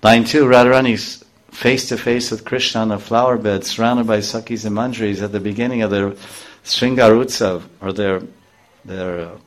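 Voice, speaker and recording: A man's voice: lowish voice, fairly even intonation, normal speed. A middle-aged man giving a scripture class to a live group, explaining verses line by line and briefly acting out the characters' voices. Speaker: spiritual teacher.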